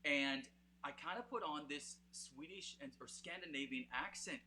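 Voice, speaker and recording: A man's voice: on the high side, moderate pace, sharp tone, a little hiss or hum. A man with a Canadian accent hosts a live music stream in a casual, rambling way. He uses many fillers and talks straight to his viewers. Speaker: host of a live music show.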